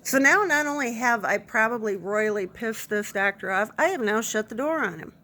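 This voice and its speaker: A woman with a slightly high voice tells a funny story from her nursing job in a casual way. She is animated and pokes fun at herself as she goes. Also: moderate pace, slight background noise. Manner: animated anecdote, self-deprecating, laughs through it. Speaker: nurse.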